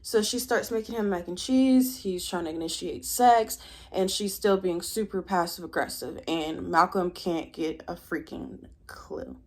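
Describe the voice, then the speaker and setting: A woman giving casual, opinionated commentary on a film, animated and quick with asides. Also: fairly low pitch.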